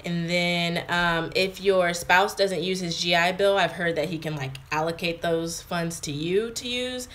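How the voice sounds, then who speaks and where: A woman's voice: on the low side, measured pace, hardly any pauses, fairly bright tone. A young American woman in her twenties chatting casually on a livestream from her home, reading and answering viewer comments with lots of fillers. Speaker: vlogger. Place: her home in England, indoors.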